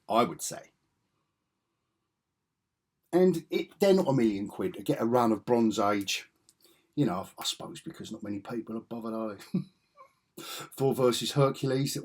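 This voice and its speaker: A man's voice: lowish voice, husky. A man chatting casually as he shows off his comic collection, enthusiastic and rambling with chuckling asides. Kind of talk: casual show-and-tell chat.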